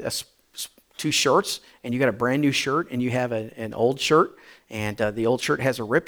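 Pastor, male, high-pitched, animated sermon delivery with repetition. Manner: animated preaching with acted-out voices and repetition.

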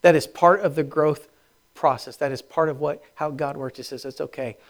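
A man preaching a sermon, moving from quiet, intimate lines to loud, emphatic peaks, laughing between phrases. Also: on the high side, fairly even intonation, normal speed. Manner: swings from hushed to loud, rising emphatic preaching; laughs between phrases, speaks in quoted inner voices. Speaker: pastor.

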